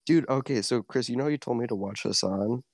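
A man's voice: mid-range voice, quick pace, vocal fry, a little mellow. A seventeen-year-old boy hosting a podcast, chatting casually and rambling with lots of "like" and "dude". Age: teens. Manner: rambling, filler-heavy "like" and "dude". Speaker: podcast host. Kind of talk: casual chat.

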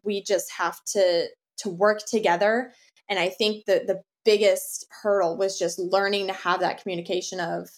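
A woman's voice: medium pitch, little pitch movement, moderate pace. Earnest young woman telling her story. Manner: open, earnest, says "y'all"-style casual "like". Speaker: podcast guest. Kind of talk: personal story in interview.

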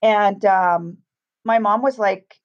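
Speaking slowly with a medium pitch, a middle-aged woman shares a ghost story as a guest, acting out the voices of those involved in a casual, animated manner. The recording is dull and lo-fi.

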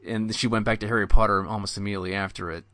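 A man co-hosting a casual gaming podcast, blunt and halting, with swearing. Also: fairly low pitch, fairly even intonation, bright, forceful tone, dry recording. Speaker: podcast co-host.

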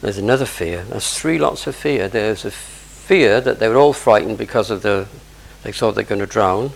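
Gravelly-voiced male preacher. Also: on the low side, normal speed, low-quality recording. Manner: explains verse by verse, conversational asides. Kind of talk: sermon on scripture.

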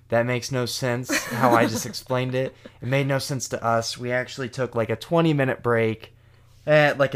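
A young man chatting casually with his partner, joking, rambling and poking fun at himself. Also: mid-range voice. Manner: joking, rambling, self-deprecating. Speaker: vlogger, co-host with partner. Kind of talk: casual couple chat.

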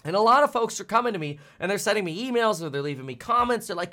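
Man, finance streamer, worked-up rant, blunt, stammers and repeats, slightly high voice. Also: expressive, fast, hardly any pauses, sharp tone. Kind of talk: ranting livestream commentary.

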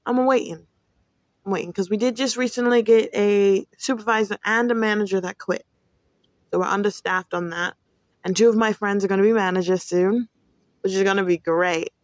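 A woman's voice: mid-range voice, no echo, dull audio. A young woman hosting her own podcast from home, talking casually and frankly about her job and venting freely. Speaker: podcast host. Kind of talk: casual solo podcast monologue.

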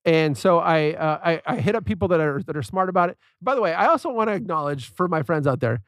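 A man with a high, light voice tells stories in a casual podcast chat, laughing often and acting out the lines of the people in them. The sound is dry and close to the mic. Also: fast, no room sound. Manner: animated storyteller, laughs often, acts out quotes. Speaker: podcast co-host.

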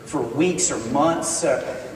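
A male minister with a fairly high voice speaks slowly, preaching a sermon in a college chapel, heard from far off with echo and slight background noise. He tells a personal story in an earnest, conversational way with touches of self-deprecating humor.

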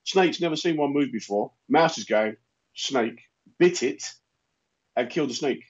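A man chatting casually, riffing on absurd comic rants with a deadpan delivery. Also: mid-range voice, unhurried, husky. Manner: deadpan rambling jokes, repeats lines. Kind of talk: casual comedic chat. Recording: dull lo-fi sound.

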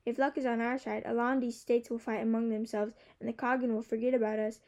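A woman reading the lines of a gentle youngest brother in a soft, comforting way. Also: on the high side, little pitch movement, fast talker, close to an everyday voice. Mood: soothing.

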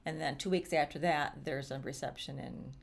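A woman's voice: deep voice, steady tone, normal speed, creaky. A middle-aged woman co-hosting a casual chat, rambling and full of fillers. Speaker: co-host.

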